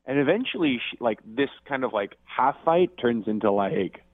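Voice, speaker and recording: A man's voice: mid-range voice, animated, normal speed, no echo. A man calling in to a radio show, telling a story in a hesitant, rambling way. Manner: rambling, hesitant, lots of likes. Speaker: caller. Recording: tinny phone line.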